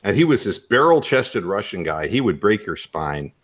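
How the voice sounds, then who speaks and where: Male radio host, wildly swinging pitch, jokey anecdotes, laughs a lot. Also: moderate pace. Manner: animated storyteller, laughs often. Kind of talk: comic radio chat.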